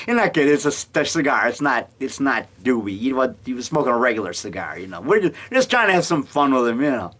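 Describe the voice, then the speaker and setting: A man's voice: mid-range voice, sing-song, fast, fairly bright tone. A middle-aged man talking casually at home, telling stories with lots of chuckles and acted-out quotes. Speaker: amateur filmmaker. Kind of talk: casual rambling monologue. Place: home basement.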